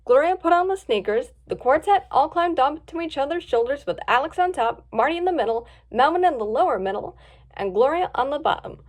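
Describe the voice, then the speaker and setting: Brief: woman, storybook narrator, high-pitched and very animated. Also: a little fast. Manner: lively, expressive reading. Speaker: story reader. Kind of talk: storybook read-aloud.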